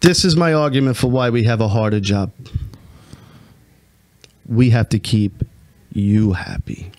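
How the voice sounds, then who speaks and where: A man's voice: fairly low pitch, unhurried, a little mellow. A young man co-hosting a casual podcast, joking and giving strong opinions in a rambling way. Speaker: podcast co-host. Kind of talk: casual chat.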